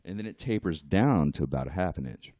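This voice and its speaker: A man's voice: deep voice, a little fast, dry recording, lo-fi sound. A man, a guest artist, telling a story in casual podcast chat, laughing and acting out what others said. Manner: animated, laughing, acts out quotes.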